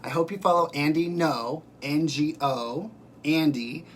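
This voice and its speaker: A man's voice: a little high, measured pace, a bit bright, slight background noise. A man hosting a casual livestream, reading out viewer comments and answering them by name in a chatty, emphatic way.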